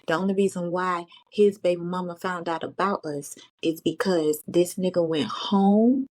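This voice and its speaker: A woman guest on a podcast telling a personal story in casual chat, blunt, profane and emphatic. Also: fairly low pitch. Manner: fast, lively retelling.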